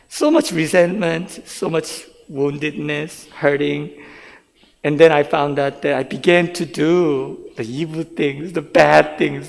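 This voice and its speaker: Korean-American pastor with a gravelly voice in a reverberant church. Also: male voice, fairly high pitch, darkish tone. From grew up in Brooklyn, New York. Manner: switches between English and Korean, emotional storytelling with laughs. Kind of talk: bilingual sermon testimony. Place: church sanctuary.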